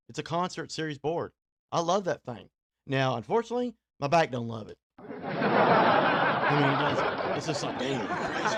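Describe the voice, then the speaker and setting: A man with a Kentucky accent, a radio host and DJ talking casually and rambling on a livestream, self-deprecating and laughing often between fillers. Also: a little high. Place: small home studio.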